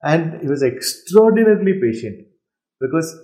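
A man's voice: fairly high pitch, big pitch swings, normal speed, mellow, reverberant, poor audio. A man from Kerala speaking English with a Malayali accent, answering interview questions in a reflective way, with fillers and frequent laughs. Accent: Malayali Indian English. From Kerala, India. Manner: reflective, laughs often, many fillers and restarts. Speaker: interviewee, singer.

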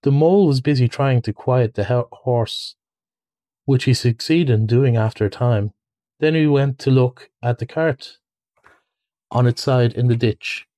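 A man reading a children's classic aloud in measured storybook narration, with a few small restarts. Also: medium pitch, mellow, no echo. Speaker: reader.

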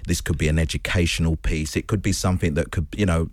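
A man's voice: low voice, fairly even intonation, fast talker, dry recording. A man, a guest on a radio show, speaking in an earnest, thoughtful way. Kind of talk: casual radio chat.

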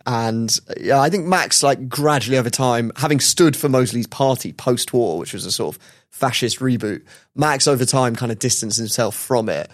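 A man's voice: medium pitch, moderate pace, no room sound. Dry-sounding man telling a wry story. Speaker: podcast host. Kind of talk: casual chat.

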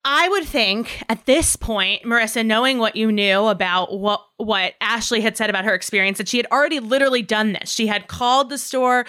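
Bright, crisp chatty woman host. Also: fairly high pitch, fairly quick, few pauses. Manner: chatty, recaps and asks probing questions. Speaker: podcast host. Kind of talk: casual interview chat.

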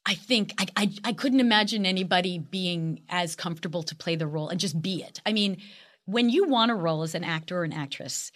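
Animated older woman, chatty storyteller. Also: on the low side, fairly quick. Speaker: actress, guest. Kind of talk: casual interview chat.

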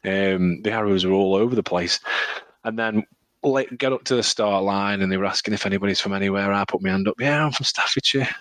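A man's voice: fairly low pitch, steady tone, brisk, fairly bright tone, dry recording. A man from England on a podcast, telling a rambling running story with lots of laughter and repeated words. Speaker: podcast co-host. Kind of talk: casual chat, storytelling.

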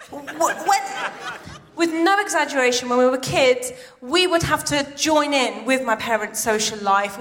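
A middle-aged woman from Iran doing a stand-up comedy set on a large theatre stage, chatty and excitable with quick asides. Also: sits high.

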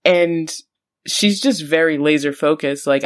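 A woman's voice: deep voice, lively intonation, a little slow. A woman co-hosting a podcast, giving wry, exasperated commentary in casual chat. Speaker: podcast co-host.

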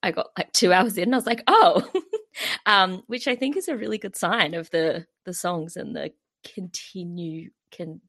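A woman's voice: on the low side, moderate pace, fairly bright tone. An Australian woman co-hosting a podcast in casual chat, talking with many fillers and frequent giggles. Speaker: podcast co-host.

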